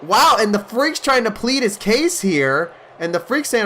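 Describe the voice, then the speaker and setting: A man giving mock play-by-play wrestling commentary over gameplay, excitable like a hype announcer. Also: high-pitched, a little slow, slight background noise.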